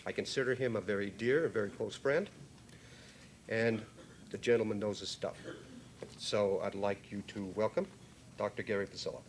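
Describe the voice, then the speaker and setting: A man introducing a speaker at a convention with a warm, formal introduction. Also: on the low side, normal speed, long pauses. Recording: loud noisy recording.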